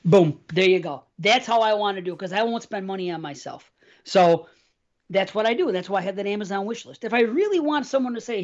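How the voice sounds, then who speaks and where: A man's voice: high voice, animated, quick pace, highs cut off. A man co-hosting a podcast, rambling in casual, heavily profane chat. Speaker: podcast co-host.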